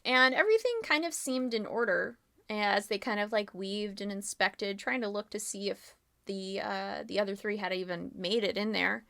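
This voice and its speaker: A woman's voice: medium pitch, moderate pace, vocal fry, bright, forceful tone. A woman running a live-streamed murder mystery game as game master, casual and giggly with lots of fillers.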